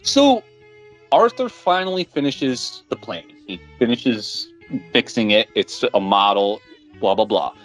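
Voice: mid-range voice, unhurried, soft background music. A podcast co-host in casual chat, animatedly retelling a story and swearing bluntly along the way. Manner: animated storytelling, retelling a plot with mock voices.

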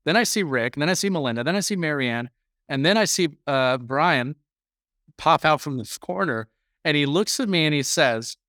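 A man co-hosting a podcast, telling a long story in a rambling, animated way during casual chat. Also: a little high, moderate pace, dry recording, clean studio sound. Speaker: podcast co-host.

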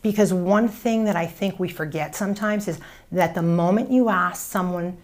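A woman's voice: on the low side, normal speed, darkish tone. A woman in her forties, a real estate agent and team coach, talking emphatically in a casual chat.

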